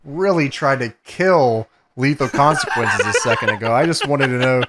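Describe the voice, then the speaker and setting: A man co-hosting a wrestling podcast, adding relaxed, joking comments. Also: medium pitch, normal speed, very noisy. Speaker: podcast co-host. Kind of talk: casual retro review chat.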